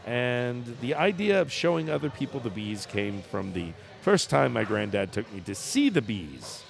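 A man's voice: mid-range voice, sing-song, normal speed, creaky, soft background music. A man co-hosting a casual chat, reading a news story aloud in a jokey way and laughing often. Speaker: podcast co-host.

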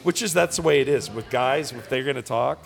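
Man, gravelly creaky voice, podcast co-host, rambling comedic storytelling, fillers, faint music behind. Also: medium pitch, fairly quick. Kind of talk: casual comedic chat.

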